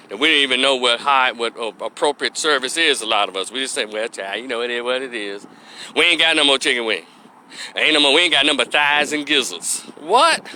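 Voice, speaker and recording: A man's voice: a little high, bright, forceful tone, a little hiss or hum. A man from gives blunt, preachy opinion commentary, folksy and salty-mouthed. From Memphis, Tennessee, US. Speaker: opinion vlogger, social worker.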